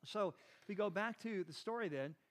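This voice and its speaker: A man's voice: high-pitched, lively intonation, moderate pace. A man giving a conversational sermon as a Bible teacher, asking his listeners questions and often saying "like" and "right.". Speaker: pastor teaching a Bible class.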